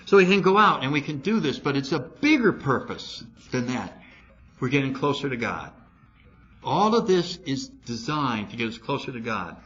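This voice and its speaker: An older man speaking at a recovery meeting, telling a story and acting out both sides of his conversations in an animated way. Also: medium pitch, moderate pace, dull audio.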